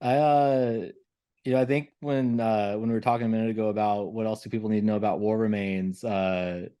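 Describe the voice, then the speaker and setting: A man hosting a podcast with a slightly low voice. He asks questions in relaxed, casual chat and laughs along easily with his guest. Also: brisk, clean tone. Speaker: podcast host.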